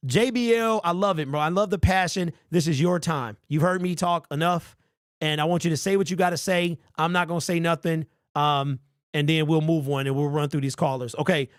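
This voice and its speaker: A man hosting a sports fan call-in show, talking in an energetic, slangy way. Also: a little high, a little fast, clear, resonant tone, no room sound, clean studio sound. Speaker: postgame show host.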